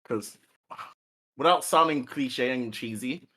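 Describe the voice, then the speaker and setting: A man co-hosting a podcast, talking in a laid-back, halting way with laughs. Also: medium pitch, sharp tone. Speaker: podcast co-host. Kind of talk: casual chat.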